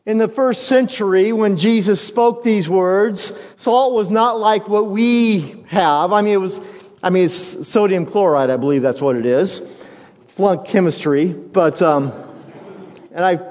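A higher-voiced man preaches from the pulpit, driving home his points through repetition. He speaks slowly and deliberately. The sound is dull and lo-fi, with a long reverb tail from a big church hall. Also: a little mellow. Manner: emphatic, repeats key phrases for weight. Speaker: pastor. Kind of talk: sermon.

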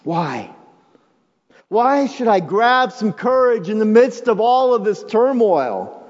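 A man's voice: extremely high pitch, sing-song. Man preaching in a reverberant hall. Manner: swings from hushed, drawn-out phrases to raised, urgent appeals; calls on the congregation to repeat lines. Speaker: pastor. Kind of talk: sermon. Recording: dull, lo-fi sound with long hall reverb.

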